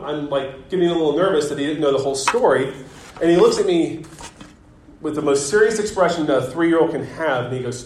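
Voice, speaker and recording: A man in his thirties preaching a sermon as pastor, telling a family story in a relaxed, conversational way with gentle self-deprecating humor. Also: fairly high pitch, a little fast. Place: church sanctuary. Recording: echoey church sanctuary.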